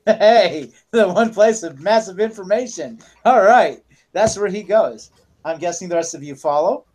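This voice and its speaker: A man narrating a tabletop game as dungeon master, halting, with many fillers and restarts. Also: high voice, lively intonation, a little mellow.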